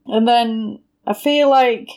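A woman chatting casually about a film, retelling scenes with quick voiced quotes. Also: on the high side, darkish tone. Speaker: podcast co-host.

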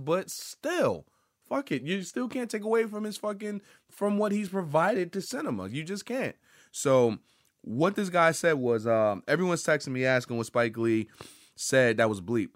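A man riffing on a podcast in loose, rambling commentary, swearing freely and jumping into excited outbursts. His voice sits at an ordinary pitch and sounds dry and close, with no room around it. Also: dry recording. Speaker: podcast host. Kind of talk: casual pop-culture commentary.

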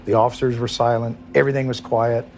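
Halting former police chief man. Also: medium pitch, level tone, a little mellow, a little hiss or hum. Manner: halting, repeats words, emotional. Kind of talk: emotional recounting interview.

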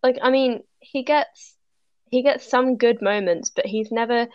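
A woman's voice: fairly high pitch, measured pace, no room sound, muffled recording. A young woman co-hosting a casual chat, musing hesitantly with many fillers. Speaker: podcast co-host. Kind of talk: casual chat reviewing a TV episode.

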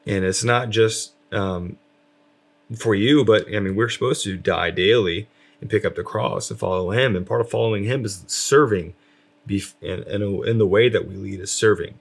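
Guy with a gravelly voice, casual faith chat, lots of ums. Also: on the low side, normal speed. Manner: rambling, many fillers, self-described loud.

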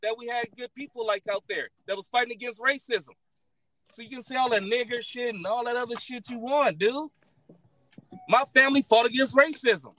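Pria bersuara tinggi yang berteriak berdebat. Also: male voice, very high voice, fairly quick. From United States. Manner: loud, combative, repetitive, profane. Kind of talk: heated argument.

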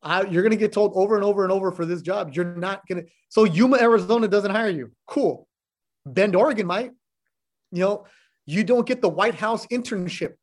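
A middle-aged man with a fairly high-pitched voice talks casually as a guest on a podcast. He tells his stories bluntly and with plenty of animation, dropping the odd swear word along the way. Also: a little fast. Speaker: sports broadcaster, podcast guest. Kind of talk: casual chat.

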